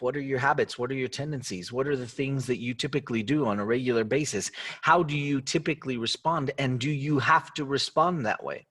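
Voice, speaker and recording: A man's voice: medium pitch, a bit bright. A man hosting a motivational talk, upbeat and conversational, asking the listener many questions. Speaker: host.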